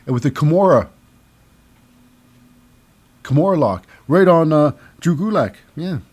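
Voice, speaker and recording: A man talks through a wrestling match in a loose, rambling way. He fills his sentences with "uh" and "you know" and keeps correcting names. His voice sits a little higher than most men's. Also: expressive, measured pace, darkish tone, husky. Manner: rambling, many fillers and name mix-ups. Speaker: wrestling recap host. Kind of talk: casual solo show recap.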